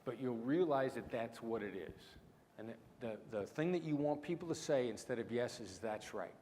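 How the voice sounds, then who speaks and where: A middle-aged man with a mix of small-town Midwestern and New York City accent, giving a punchy keynote with dramatic pauses. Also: medium pitch, expressive, dark tone. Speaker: keynote speaker, negotiation expert. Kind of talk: conference keynote storytelling. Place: large lecture hall. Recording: hall reverb, faint room noise.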